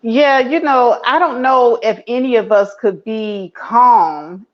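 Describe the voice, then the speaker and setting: A woman's voice: fairly high pitch, takes it slowly, highs cut off. A woman co-hosting a podcast, thoughtfully walking through the situation with empathy. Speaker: podcast co-host. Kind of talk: casual commentary.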